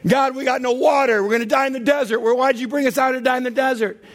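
Guy doing a high whiny complainer voice, fed up, nagging. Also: fairly even intonation, fast. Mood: whining. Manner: whiny, exasperated. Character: whining, complaining crowd of desert wanderers.

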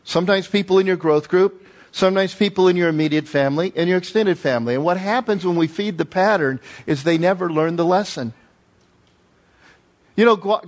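Animated preacher with a high voice. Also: male voice. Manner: animated storytelling with emphatic repetition. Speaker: pastor. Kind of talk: sermon.

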